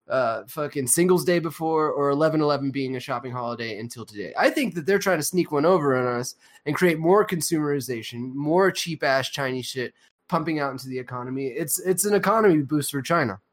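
Rambling, sarcastic male podcast host. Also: on the high side. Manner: rambling, filler-heavy, sarcastic. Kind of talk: casual profane chat.

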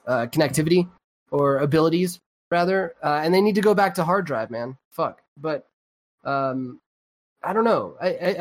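A man hosting a live podcast in casual chat, rambling with lots of fillers and restarts and swearing freely. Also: medium pitch. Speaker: podcast host.

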